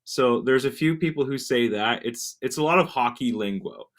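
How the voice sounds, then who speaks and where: A man's voice: medium pitch, normal speed. A man with a Canadian accent, chatting casually as a livestream guest over a video call and laughing often. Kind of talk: casual chat.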